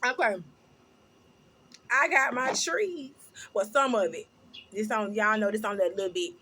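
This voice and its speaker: A middle-aged woman hosting a casual commentary vlog, talking loudly and animatedly, laughing often. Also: medium pitch, unhurried, slight background noise. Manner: loud, laughing, animated storytelling with sung snippets. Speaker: host.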